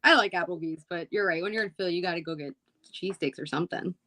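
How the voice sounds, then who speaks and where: A woman from Philadelphia chatting casually on a podcast, relaxed and laughing often. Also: lowish voice, quick pace. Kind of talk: casual chat.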